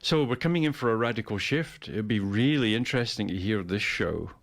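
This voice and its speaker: A man's voice: fairly low pitch, animated, fairly quick. A man in casual conversation, rambling and repeating words as he muses. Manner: rambling, repeats words, puts on playful voices. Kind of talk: casual chat.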